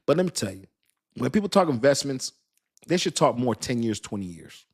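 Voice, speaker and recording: A man's voice: mid-range voice, big pitch swings, fairly quick, husky. A middle-aged man hosting a casual crypto talk. He reads chat comments aloud, repeats himself for emphasis and laughs at his own lines. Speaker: crypto channel host.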